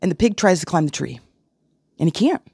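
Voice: medium pitch, a little fast, vocal fry, slightly rough, no echo. Solo podcast host, casual frank storytelling, dry close mic. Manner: animated storytelling with analogies.

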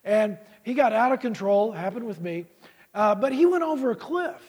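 A man's voice: high-pitched, expressive, normal speed, darkish tone, husky, in a large hall. A man who is a guest preacher and college vice president, giving a rambling, self-deprecating sermon in a church with jokes and many restarts.

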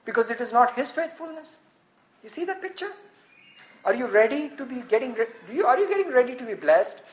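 A woman preaching a sermon, animated and laughing often, sometimes rising to shouts. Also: fairly high pitch, a little fast, reverberant.

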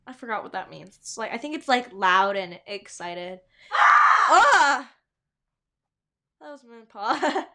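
A woman's voice: medium pitch, expressive, moderate pace, few pauses, noisy background. A woman hosting a podcast, reading her old fanfiction aloud and breaking off with playful, giggly asides. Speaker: podcast host.

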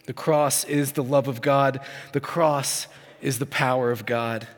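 A man's voice: medium pitch, steady tone, unhurried. Male pastor, 30s, earnest sermon delivery, reverberant sanctuary. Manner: earnest preaching with rising emphatic repetition. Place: church sanctuary.

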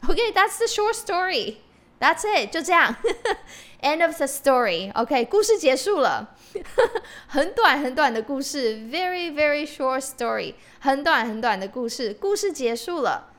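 A young woman hosting a podcast lesson, repeating phrases slowly and explaining them word by word. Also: sits high, very animated, fairly bright tone. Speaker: Mandarin teacher, podcast host. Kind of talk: bilingual language lesson.

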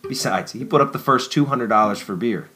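A man's voice: medium pitch, brisk, bright, forceful tone, soft background music, voice pushed up, lightly acted. A man reading as an eager, upbeat pharmacist friend. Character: friendly talkative male pharmacist, young adult.

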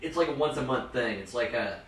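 A man's voice: medium pitch, lively intonation, fairly quick, fairly bright tone, echoey room, far from the mic, poor audio. A man co-hosting a casual podcast, rambling and swearing as he chats and laughs easily. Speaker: podcast co-host. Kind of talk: casual drunk podcast chat.

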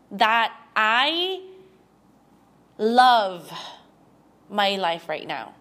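A young woman hosting a podcast, talking through an emotional personal monologue in a halting way, full of restarts, close to tears. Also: a little high, pushed and bright. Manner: halting, with frequent restarts and fillers. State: teary. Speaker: podcast host.

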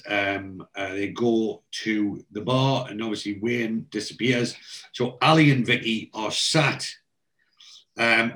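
A man's voice: on the low side, fairly bright tone, poor audio. A man casually recapping a TV episode, rambling with many fillers.

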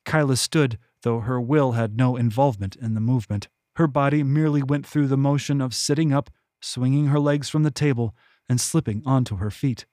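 A man narrating his own fantasy novel as a podcast audiobook, in measured, even storytelling. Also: medium pitch, no room sound, studio quality. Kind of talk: scripted narration.

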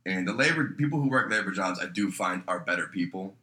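Bright-voiced man telling a rowdy story. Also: sits low, lively intonation, quick pace. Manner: profane storyteller who shouts out the voices in his stories. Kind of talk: casual chat.

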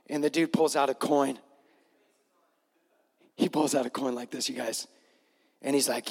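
A man's voice: mid-range voice, fairly even intonation, normal speed, long pauses, in a large hall. A man preaching as a pastor, retelling a gospel story earnestly and repeating key phrases to his congregation.

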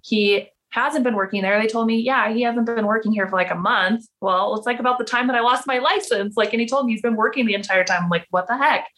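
A woman's voice: a little high, fast talker, hardly any pauses, fairly bright tone. A woman in her thirties, a podcast guest, telling a personal story in a casual, chatty way, full of "like" fillers and acted-out quoted dialogue. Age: 30s.

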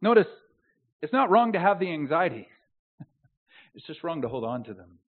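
A man preaching a sermon as a pastor, swinging from soft, close, earnest phrases to loud, slowed, emphatic proclamation. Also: on the high side, big pitch swings. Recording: tinny phone-like sound.

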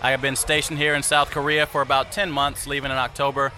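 A comedian from California speaking confidently and upbeat in an interview. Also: male voice, medium pitch, flat delivery, quick pace, noisy background.

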